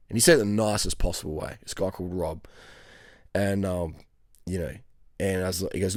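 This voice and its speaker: A man in his forties with an Australian accent, telling a profane, animated story to camera in casual slang. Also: low voice, brisk, pauses often, no room sound, clean studio sound. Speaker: cycling vlogger.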